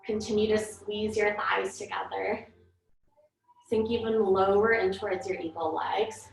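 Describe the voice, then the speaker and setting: A woman teaching a live online yoga class, cueing breaths and poses in a calm, paced way while out of breath. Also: mid-range voice, a little slow, gravelly. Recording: echoey room from far off.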